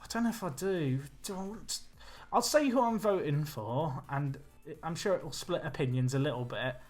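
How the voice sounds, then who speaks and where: A young man chatting with his viewers while he plays, excitable and casual. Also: on the high side, moderate pace. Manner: chatty, excitable, talks to chat. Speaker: streamer. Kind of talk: live game commentary and chat. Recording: faint music behind.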